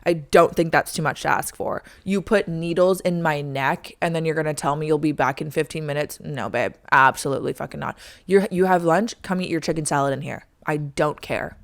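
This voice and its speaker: A woman's voice: low-pitched, a little fast. A young woman hosting a podcast, telling a story in a chatty, dramatic way, full of "like" and acted-out lines. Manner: chatty, heavy use of "like", dramatic re-enactments. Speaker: podcast host. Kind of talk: casual storytelling monologue.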